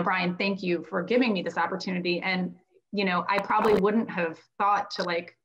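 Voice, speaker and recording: Woman author from florida telling her book story, lively with lots of ums, kinda muffled audio. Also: medium pitch. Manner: animated storytelling, acts out quotes, frequent fillers. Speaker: children's book author and classroom teacher. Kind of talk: livestreamed book launch conversation.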